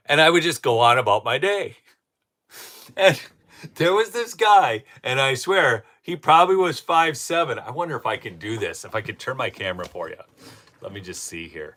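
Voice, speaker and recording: A man's voice: medium pitch, expressive, moderate pace, sharp tone. A man from northern Minnesota hosting a casual commentary livestream, rambling and chatty with many fillers and restarts. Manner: breaks into laughter while telling stories. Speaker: show host.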